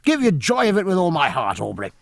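A man voicing a gruff, hearty old admiral who speaks bluntly, in an audiobook. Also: on the high side, huge pitch swings, fast, no room sound, studio quality, voice pushed up, exaggerated voice. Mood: bluff hearty. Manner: blunt, bluff, hearty exclamations.

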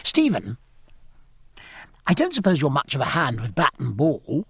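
A man voicing a hearty middle-aged naval captain who talks in brisk, jovial sea slang. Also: mid-range voice, wildly swooping pitch, creaky, a bit bright, breathy edge, dry recording, exaggerated voice.

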